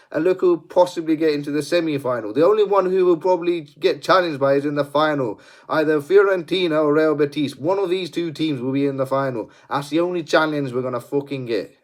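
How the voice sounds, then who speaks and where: Exasperated swearing football fan. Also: male voice, a little high. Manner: exasperated, swearing, repeating himself. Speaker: football fan channel host. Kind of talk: ranting post-match analysis.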